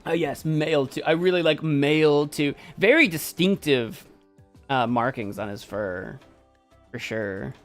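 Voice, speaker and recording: A man's voice: a little high, measured pace, soft background music. A man chatting casually on a live stream, giving playful commentary.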